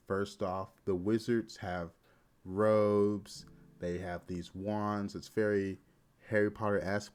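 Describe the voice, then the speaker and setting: A man reviewing a manga chapter in a relaxed, conversational way. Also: low voice. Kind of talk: casual review narration.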